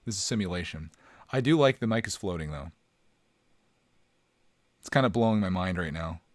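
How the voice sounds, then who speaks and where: A man's voice: low voice, expressive, normal speed, dry recording. A man hosting a casual live stream from home, joking around and chatting with his viewers.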